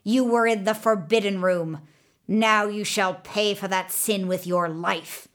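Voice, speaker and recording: A woman voicing a cruel, sharp-tongued witch in a storybook reading. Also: mid-range voice, steady tone, measured pace, close to an everyday voice. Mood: angry.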